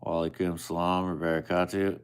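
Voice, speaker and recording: A man's voice: deep voice, little pitch movement, moderate pace, clear, resonant tone. A man chatting casually with viewers on a live stream, teasing and swearing at them in an offhand way.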